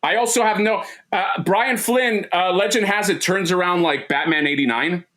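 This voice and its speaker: A man's voice: high voice, moderate pace, a bit bright. A man co-hosting a casual livestream chat, rambling and joking with lots of restarts and fillers. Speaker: co-host.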